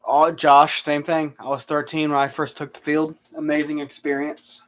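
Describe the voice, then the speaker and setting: A man's voice: fairly high pitch, completely flat delivery, normal speed, a bit bright, a little hiss or hum. A man chatting casually on a live stream, answering viewer questions and telling rambling, sarcastic stories.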